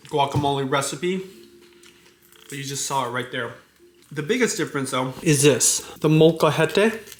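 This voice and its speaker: A man's voice: medium pitch, fairly bright tone, a little hiss or hum. A man hosting a casual home cooking vlog, chatting to the camera and his family in an upbeat, persuasive way. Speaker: cooking vlogger and father. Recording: echoey room.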